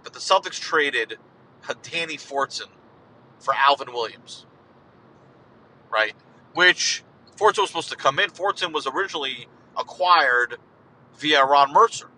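A man's voice: mid-range voice, pushed and bright, a little hiss or hum, rough recording. A man hosting a solo sports podcast, talking casually in a rambling, digressive way and asking himself rhetorical questions. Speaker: podcast host.

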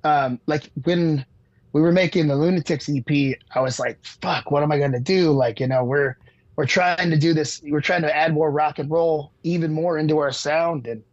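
Guy musician rambling thru stories on a podcast, kinda high voice, dry dull mic sound. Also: normal speed, no echo. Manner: rambling, animated storyteller, lots of fillers and swearing. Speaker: musician guest. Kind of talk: casual podcast interview.

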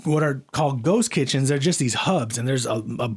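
A man's voice: medium pitch, animated, a little fast, husky. A man co-hosting a podcast, ranting heatedly and swearing a lot, with frequent restarts. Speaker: podcast co-host.

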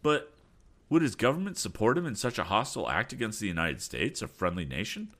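A man's voice: fairly low pitch, sing-song, brisk, a bit bright, voice pushed up. Man voicing an eager young inventor hero. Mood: earnest.

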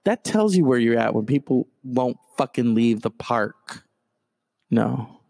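A man doing stand-up storytelling, profane and animated, jumping from loud outbursts to low mutters. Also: takes it slowly, gravelly.

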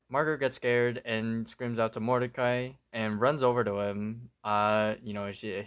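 A man's voice: on the low side, smooth. A man co-hosting a podcast, casually retelling a cartoon episode with wry asides. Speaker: podcast co-host.

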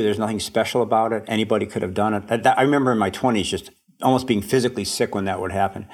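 A man, an author, chatting as a podcast guest in a reflective, self-deprecating way, laughing often. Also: on the low side. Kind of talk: casual interview chat.

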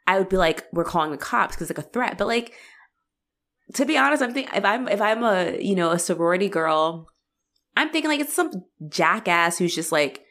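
A woman's voice: mid-range voice, a little fast. A woman co-hosting a casual talk show, talking animatedly and swearing freely while acting out the people she describes. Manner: animated, profane, acts out quoted characters. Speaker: podcast co-host. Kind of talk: casual chat.

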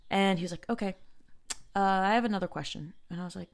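Young woman, podcast host, slightly low voice, casual storytelling, lots of fillers and restarts. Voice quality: heavy use of filler "like", halting restarts.

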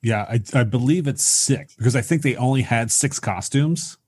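A man's voice: medium pitch, moderate pace, darkish tone, husky. A man co-hosting a casual movie chat, agreeing often and adding bits of trivia. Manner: agreeable, adds trivia and short affirmations. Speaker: podcast co-host.

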